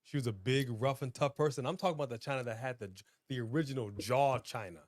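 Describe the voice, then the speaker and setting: A man co-hosting a casual wrestling chat show, talking in an emphatic, animated, slangy way. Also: medium pitch, quick pace, no room sound, studio quality. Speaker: podcast co-host.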